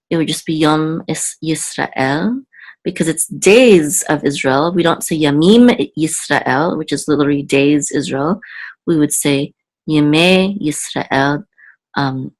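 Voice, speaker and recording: A woman teaching a reading lesson, patiently repeating and slowly sounding out each word. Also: sits low. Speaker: Hebrew teacher. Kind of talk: explaining a reading lesson to camera.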